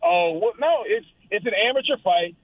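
A man's voice: high-pitched, animated, moderate pace, no echo. Rambling man on a tinny phone line. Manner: rambling, storytelling. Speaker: guest amateur boxer. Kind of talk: casual chat.

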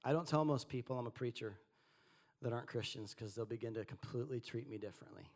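A man preaching a sermon, swinging between quiet asides and animated, rising delivery. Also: fast talker. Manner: animated preaching, rising and falling in pitch and volume. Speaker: pastor.

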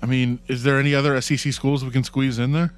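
A man talking casually about sports as a guest, hesitant and relaxed with many fillers. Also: medium pitch, quick pace, smooth, faint music behind.

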